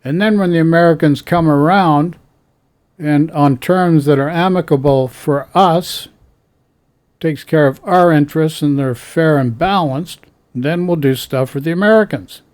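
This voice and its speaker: A man's voice: fairly high pitch, unhurried, a little mellow. A man ranting bluntly about politics in an exasperated tone. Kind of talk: casual political rant.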